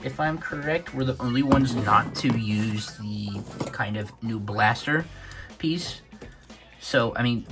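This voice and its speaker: A young man giving a casual toy review, rambling a little with many fillers and corrections of himself. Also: medium pitch.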